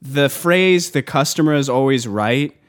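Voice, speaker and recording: A man venting loudly in casual podcast chat, worked up and mimicking customers as he rants. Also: medium pitch, a little slow. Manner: ranting, animated, mimics customers. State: worked up and loud. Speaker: podcast co-host.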